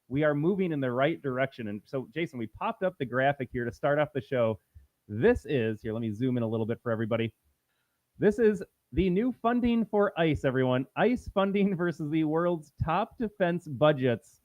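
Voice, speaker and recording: A man's voice: a little high, lively intonation, moderate pace, a little mellow, no room sound, dull audio. A man co-hosting a casual political podcast from a shed, talking in a wry, declarative way. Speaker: podcast co-host.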